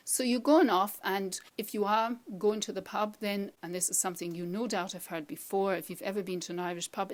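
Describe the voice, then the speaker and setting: Woman teaching a language lesson, says each phrase slow then praises you, mid pitch. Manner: encouraging, repeats phrases slowly for the learner. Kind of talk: teaching pronunciation to camera.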